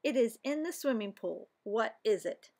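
A woman's voice: on the high side, lively intonation, normal speed, vocal fry, darkish tone. An eager little girl, read by a woman, proudly shows off her drink. Her voice rises and bounces as she lists each flavor. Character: excited young girl with a new drink.

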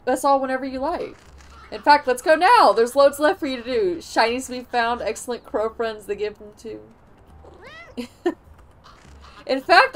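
A woman's voice: high voice, slight background noise, voice pushed up. A woman reading game dialogue aloud, voicing a sweet little kitten who is kind and encouraging.

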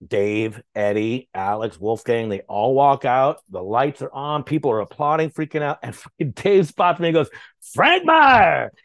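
A man telling animated stories as a podcast guest. He swears freely and acts out other people's voices. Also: medium pitch, normal speed, hardly any pauses, dry recording. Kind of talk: casual storytelling.

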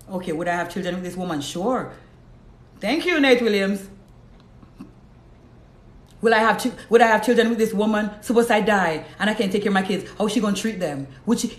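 A Jamaican woman hosting a live stream, preaching bluntly and reading out viewer comments. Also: medium pitch. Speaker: host. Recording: roomy echo.

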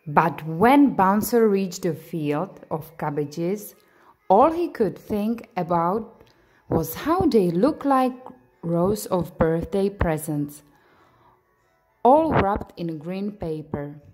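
A woman narrating a bedtime story in a gentle, expressive read-aloud manner. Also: lowish voice, slow.

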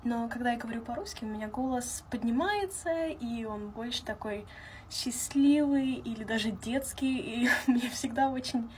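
Woman in her 20s, slightly high voice, faint room sound behind. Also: normal speed, a little mellow, slight background noise. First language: Russian. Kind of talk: casual selfie-video chat.

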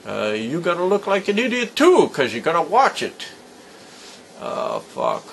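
A man's voice: on the high side, huge pitch swings, a little slow, creaky, slight background noise. Grumpy cursing old man. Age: older. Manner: grumpy, profane, rambling. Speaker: joke teller. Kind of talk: casual joke telling to camera.

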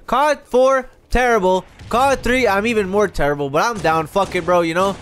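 High, animated swearing game streamer man. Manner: excitable, swears constantly, breaks into chants. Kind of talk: casual live gaming commentary.

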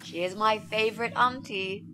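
A woman's voice: medium pitch, fairly even intonation, moderate pace, natural voice. An actress voicing a pushy young female student in a game, eager and bossy, sweetly fake when she performs. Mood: sugary. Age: young adult. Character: pushy chirpy young woman student, scheming. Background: game music.

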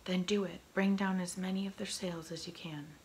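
A woman's voice: lowish voice, fairly even intonation, normal speed, darkish tone, a little hiss or hum, lightly acted, poor audio. A woman voicing a resolute male English ship captain, giving firm orders in a whispered role-play.

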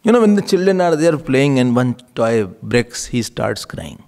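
A man's voice: mid-range voice, big pitch swings, unhurried, a little mellow. A man giving a spiritual discourse, asking rhetorical questions and chuckling often. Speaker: spiritual teacher.

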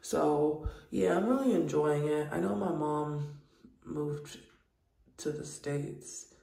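A woman vlogger chatting casually to camera in an animated, profane way. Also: deep voice, slow, creaky. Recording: roomy, distant mic.

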